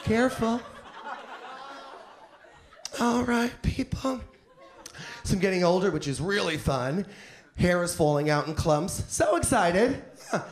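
A man's voice: high-pitched, animated, measured pace, pauses often. A man doing a brash, profane stand-up set, campy and theatrical, slipping into put-on voices. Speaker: stand-up comedian. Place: comedy club stage. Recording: echoey club with audience noise. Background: audience laughter.

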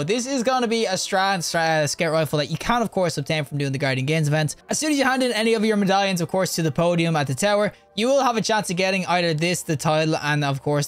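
A young man hosting a gaming video, giving live gameplay commentary and reacting excitably as he plays. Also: high-pitched. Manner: excitable, yelps and laughs mid-play.

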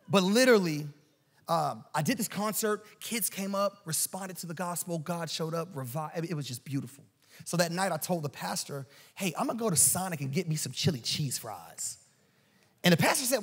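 A man preaching a storytelling sermon in a church, animated and joking. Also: fairly high pitch, fairly quick, husky. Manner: animated and joking, acts out quoted voices. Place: church auditorium.

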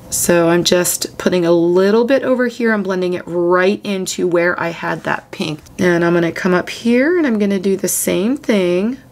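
A woman hosting a coloring tutorial, chatting through each step as she works and gushing over the results. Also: mid-range voice. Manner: gushing, chatty, talks while working. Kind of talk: casual step-by-step demonstration.

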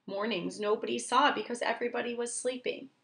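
Storybook owl, gentle and simple, earnest and childlike, read by a woman. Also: a little high, steady tone, brisk, gravelly, a little hiss or hum, voice pushed up. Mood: mournful.

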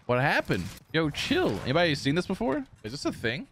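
A man commentating his own shooter match, with a high voice that leaps all over the place. He trash-talks and laughs at the other players, with a faint hiss of noise behind him. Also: very animated, normal speed. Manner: trash-talking, laughing, exclamatory. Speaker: gaming streamer. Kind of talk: excited gameplay commentary.

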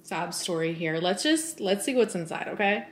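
A woman's voice: on the low side, expressive, normal speed, background noise. A young woman in her twenties chatting bubbly and straight to camera in a casual lifestyle vlog. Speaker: beauty and lifestyle vlogger. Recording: echoey room, faint ambience.

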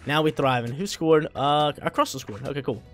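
A young man, a college student, giving live gameplay commentary in a slangy, excitable way that bursts into loud hype. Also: fairly high pitch, a little fast, soft background music. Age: young adult. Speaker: gaming video creator.

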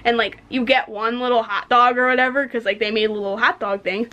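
On a podcast, a young woman in her twenties co-hosts with a brisk, rather high voice, ranting casually and bluntly with lots of swearing and animated storytelling. The audio sounds dull.

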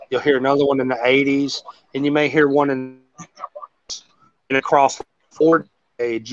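A man's voice: mid-range voice, no room sound, muffled recording. A man chatting casually as a host, rambling and swearing as he tells stories. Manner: rambling, profane, animated storytelling. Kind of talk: casual chat.

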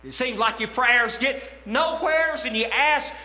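A man preaching a sermon as pastor, impassioned and rising to shouts, recorded in a church sanctuary. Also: very high-pitched, a little slow, few pauses. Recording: echoey church hall with long reverb.

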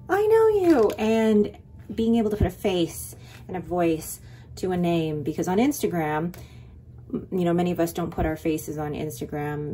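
A young adult woman talks through her purchases in an eager, rambling vlog voice, a little low in pitch. Faint music plays underneath her. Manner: chatty and excited, rambling with quick asides. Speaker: vlogger. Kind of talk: casual haul vlog.

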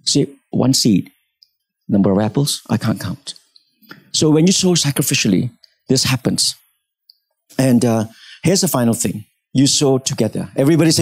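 A man preaching a sermon in church, telling a story with animated delivery and acting out the people in it. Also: medium pitch, moderate pace, vocal fry, pauses often, slightly rough. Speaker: pastor.

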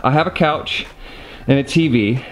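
A man's voice: mid-range voice, normal speed, slight background noise. A young man chatting casually in a vlog, rambling and frank with a lot of swearing and an exasperated edge. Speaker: gaming YouTuber. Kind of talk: casual vlog house tour then game talk.

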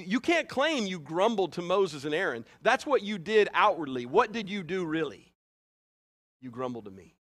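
Earnest, higher-voiced male pastor preaching. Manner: earnest, conversational preaching with sudden loud rises and soft drops. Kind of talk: sermon.

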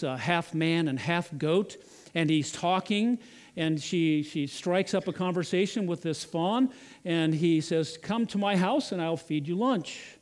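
A man's voice: on the high side, a little mellow. A male pastor retelling a children's story in a sermon, often repeating and restarting words.

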